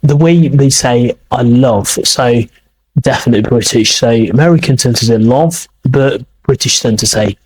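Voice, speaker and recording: A husky-voiced man running an English accent lesson. He talks through clips at an easy, mid pitch, repeating single words again and again to show how they sound. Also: rough recording. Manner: explains slowly, repeating words to model pronunciation. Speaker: English teacher, podcast host.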